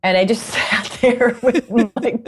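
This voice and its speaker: A woman guest in a casual interview, telling stories in a chatty, animated way and laughing often. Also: fairly high pitch, takes it slowly, slight background noise. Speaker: guest musician and knitting author.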